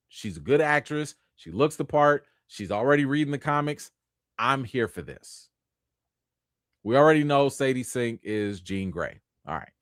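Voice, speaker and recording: Animated man hosting a livestream. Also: fairly high pitch, no room sound, studio quality. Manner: emphatic, animated, repeats points for effect. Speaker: livestream host. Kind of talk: casual commentary livestream.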